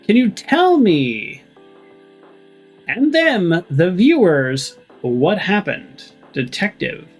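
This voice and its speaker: Man as a male game reporter, smarmy, drawn-out, lively pitch. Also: soft background music, heavily acted.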